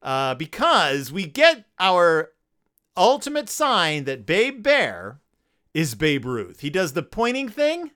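A man's voice: high voice, huge pitch swings, takes it slowly, a bit bright. A man hosting a comedic podcast, reviewing a children's book with sarcasm and goofy character voices. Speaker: podcast host.

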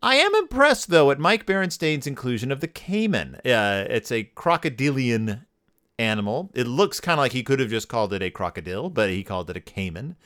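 A man's voice: mid-range voice, sing-song, brisk, a bit bright. A man hosting a podcast and giving a comedic, sarcastic review of a picture book, with wry rambling asides. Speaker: podcast host.

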